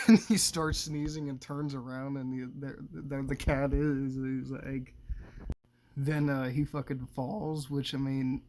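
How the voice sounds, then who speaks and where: A man's voice: medium pitch, flat delivery, takes it slowly, a little mellow. A man casually recapping a movie, swearing constantly, meandering through his thoughts and laughing often. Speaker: movie commentator.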